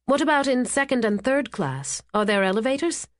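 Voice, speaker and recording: A wry, skeptical journalist, voiced by a woman, dry and sarcastic. Her voice is a touch brighter than the narration, and the recording is close and dry. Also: fairly high pitch, lively intonation, moderate pace, no room sound, pitched above the performer's own voice, natural voice.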